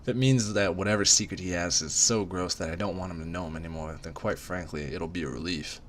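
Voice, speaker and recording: A man narrating a story in an amateur dramatic reading. His very deep voice has a casual, unpolished delivery that trips over words and restarts. A faint hiss of background noise runs behind him. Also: quick pace. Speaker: reader.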